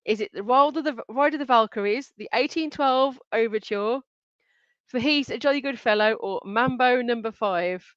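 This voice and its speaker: A woman's voice: a little high, moderate pace, clear, resonant tone, no echo, highs cut off. A woman hosting a live online quiz, reading out answer options and names in a chatty way and giggling often. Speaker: quiz host.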